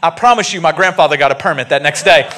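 A male pastor preaching a sermon in a church, animated and joking as he tells stories. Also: on the high side, fast, background noise. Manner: animated, jokey storytelling preaching. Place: church sanctuary.

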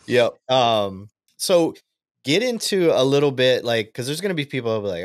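A man's voice: mid-range voice, big pitch swings, moderate pace. A man hosting a podcast, chiming in with brief, laid-back remarks. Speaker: podcast host. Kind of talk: casual interview chat.

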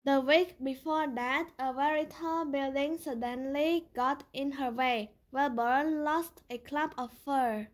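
A woman reading a children's picture book aloud for her channel, careful and deliberate with small slips. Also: high voice.

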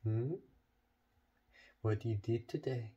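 A man's voice: medium pitch, steady tone, slow, mellow, lo-fi sound. A man at home coaxing his pet bird in repetitive baby talk, asking the same questions over and over. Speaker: pet owner.

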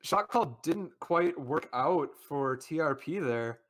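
A man's voice: a little high, expressive, slow pace, a bit bright. A man commentating a kart racing tournament live, chatty and talking to the chat. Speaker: esports caster.

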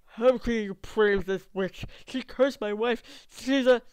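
A woman reading a flustered middle-aged male guildmaster in a game, loud and slow, in a dry recording. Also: on the high side, clear, resonant tone, dry recording. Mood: pleading.

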